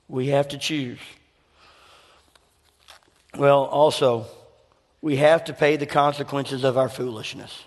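A middle-aged man, preaching a sermon full of folksy personal stories and questions to the congregation. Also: medium pitch. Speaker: pastor. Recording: long hall reverb.

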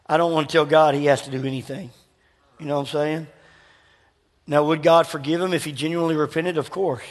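A man delivers a sermon and works a personal story into it. He acts out both sides of each exchange in an animated way. His voice sits high for a man, and it carries a long reverb from the hall. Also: normal speed. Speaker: pastor.

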